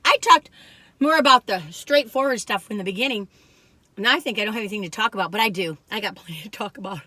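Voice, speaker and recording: A woman's voice: fairly high pitch, pushed and bright, no room sound. An older woman, chatting and rambling as she tells stories in a food review vlog. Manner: chatty and rambling, acts out quoted voices. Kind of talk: casual storytelling chat to camera.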